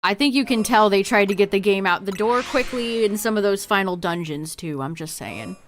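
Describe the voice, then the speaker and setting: A woman's voice: mid-range voice, moderate pace, soft background music. A woman streaming a game, chatting casually with her viewers, laughing often and trailing off mid-sentence. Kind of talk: casual livestream chat to viewers.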